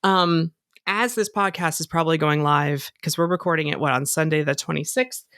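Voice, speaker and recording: A woman's voice: deep voice, moderate pace, a bit bright, no room sound, clean studio sound. A woman co-hosting a podcast in casual chat, rambling with frequent restarts and laughs. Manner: rambling, giggly, lots of restarts. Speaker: podcast co-host.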